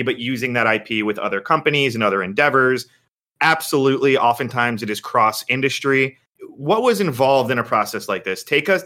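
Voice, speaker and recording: A man hosting a casual podcast, brisk and teasing as he steers the conversation. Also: mid-range voice, bright, forceful tone. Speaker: podcast host.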